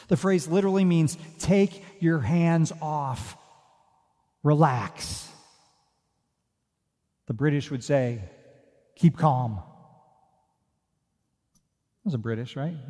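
A man preaches in a church, his fairly high voice carrying with a long hall reverb behind it. He moves between soft, hushed asides and earnest, emphatic declarations. The tone is that of a pastor speaking to his congregation. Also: takes it slowly, pauses often. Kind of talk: sermon. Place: church sanctuary.

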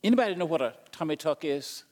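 A pastor preaching in a church sanctuary, his voice pitched a touch high. He stumbles and repeats himself while asking the congregation questions. A long echo from the hall trails his words. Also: lively intonation, fast, darkish tone. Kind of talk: sermon.

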